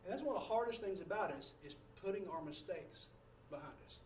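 A man's voice: high voice, animated, fairly quick, a little mellow, far from the mic, slight background noise. A man preaching a sermon, telling a story and calling on the congregation for answers. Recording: roomy room, voice away from the mic.

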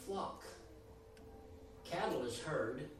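A man preaches a sermon in a high-pitched voice, swinging his emphasis up and down and acting out the voices he quotes. He sounds set back from the mic in a strongly echoing room with faint noise behind. The recording is roomy and distant. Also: animated, drawn-out words.

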